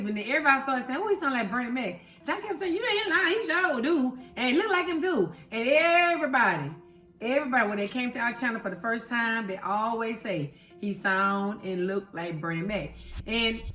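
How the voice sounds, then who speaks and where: A woman's voice: a little high, animated, fairly quick, bright, forceful tone. A woman hosting her eating show, chatting animatedly to viewers and laughing often. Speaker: show host, wife. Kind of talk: casual chat on an eating show. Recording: echoey room, faint music.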